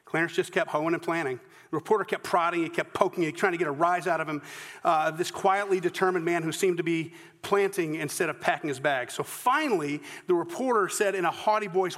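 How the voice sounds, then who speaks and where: Man, Southern US accent, pastor, sermon, earnest storytelling, high voice, long hall reverb. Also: fairly quick, fairly bright tone. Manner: storytelling, earnest, with false starts.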